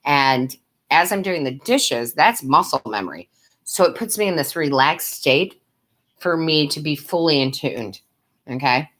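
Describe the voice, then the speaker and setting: A woman's voice: sits low, expressive, unhurried, a bit bright. A woman giving tarot readings on a live stream, who chats with her viewers, calls them love and sweetheart, and laughs often. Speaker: tarot reader and medium.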